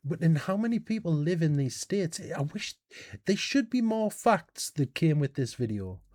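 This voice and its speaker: A British man hosting a casual reaction video, animated and thinking out loud with questions and exclamations. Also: on the high side, normal speed, no echo, studio quality. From United Kingdom.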